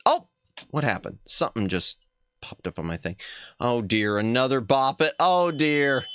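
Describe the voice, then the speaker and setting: A man streaming a game as a VTuber, chatting casually with viewers and reacting loudly to what happens on screen. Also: medium pitch, expressive, normal speed, smooth, no echo. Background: game music.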